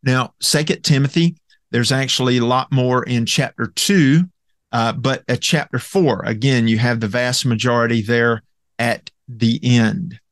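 Halting male Bible teacher with gravelly voice. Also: medium pitch, dry recording, clean studio sound. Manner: halting, many fillers and restarts; methodical, walks through charts and Greek word roots. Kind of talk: recorded Bible lecture with slides.

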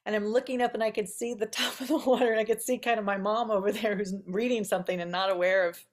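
A woman's voice: mid-range voice, steady tone, quick pace. A woman hosting a podcast, telling a childhood story in casual chat, chatty and given to laughing and trailing asides. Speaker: podcast host.

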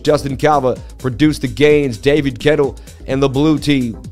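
An excited man runs a live crypto market stream, shouting out viewers and joking with the chat. His voice is a medium-pitched one. Soft background music plays throughout. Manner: hyped, rapid shout-outs, jokey. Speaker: crypto livestream host.

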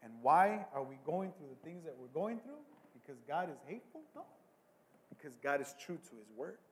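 A male pastor with a high voice delivers a sermon, dropping to near-hushed asides and then surging loud on key words, often repeating himself as he builds a point. His voice carries the long reverb of a large hall. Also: big pitch swings, normal speed. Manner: dynamic preaching, swings between hushed and loud, repeats words.

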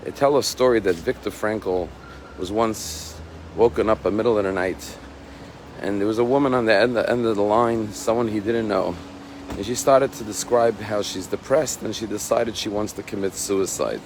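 A rabbi giving a measured, emphatic sermon, slowing down to stress key phrases. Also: male voice, lowish voice, darkish tone, a little hiss or hum.

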